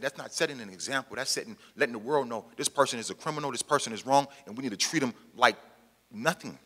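Speaking fast in a mid-range, fairly bright, slightly rough voice, this man addresses an audience in a meeting hall with emphatic passion. Formerly incarcerated and from the Pacific Northwest, he uses plain, colloquial language and repeats his key lines, with long hall reverb on the recording.

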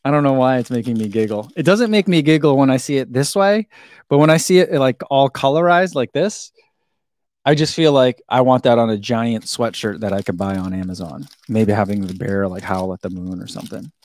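A man's voice: mid-range voice, brisk, a little mellow. A man chatting casually as he unboxes and tastes a snack, giggling now and then and talking between bites. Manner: chatty, giggly, talks while chewing. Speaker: vlogger reviewing a snack.

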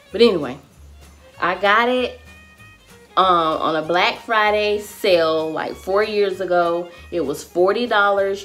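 Woman, late 20s, playful chatty vlogger, lowish voice, faint music under her. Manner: chatty, playful, addresses viewers as y'all and baby. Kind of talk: casual home-tour vlog. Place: her living room at home. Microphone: handheld camera with ring light, moving around.

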